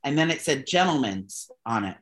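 A gay man co-hosting a casual gossip chat, swearing freely and telling animated stories full of fillers. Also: mid-range voice, normal speed. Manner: profane, animated storytelling with lots of fillers. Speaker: podcast co-host.

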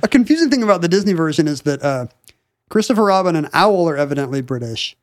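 A man co-hosting a podcast, riffing quickly and wryly in casual chat. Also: a little high, big pitch swings. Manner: quick, wry, talkative riffing. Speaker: podcast co-host.

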